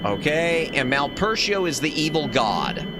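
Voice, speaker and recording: A man streaming a game as a VTuber, chatting casually with viewers and reacting loudly to what happens on screen. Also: fairly high pitch, very animated, a little slow, very noisy. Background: game music.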